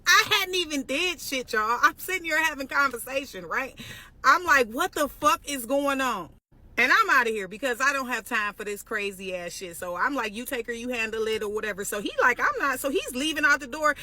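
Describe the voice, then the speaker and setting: Bright-voiced woman telling a storytime. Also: fairly high pitch. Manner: animated and profane, addressing viewers as "y'all". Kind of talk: casual storytime.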